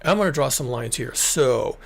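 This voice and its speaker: Gravelly, husky man, emphatic commentary. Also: mid-range voice, expressive, normal speed. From United States. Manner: emphatic, repetitive, with frequent restarts. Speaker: climate commentary channel host. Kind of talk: solo screen-share commentary.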